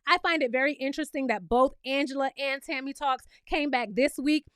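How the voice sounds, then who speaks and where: A woman's voice: sits high, fairly quick, fairly bright tone, no room sound, clean studio sound. A woman with a New York accent who is from Brooklyn, recapping a reality show in a sassy, chatty way and often asking the viewer "okay?".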